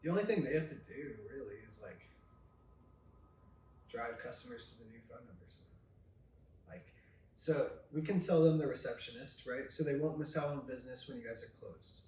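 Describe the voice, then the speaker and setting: A man casually pitching an AI receptionist, blunt, profane and confident. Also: moderate pace, darkish tone. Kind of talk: casual sales chat. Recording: roomy, distant mic, faint noise.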